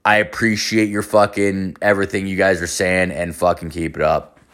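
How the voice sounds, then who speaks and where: A man in his late thirties with a somewhat low voice talks in a loose, rambling monologue. He swears constantly, piles on filler words and spins a story as the host of his own show. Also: flat delivery, moderate pace, fairly bright tone. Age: late 30s. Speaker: podcast host.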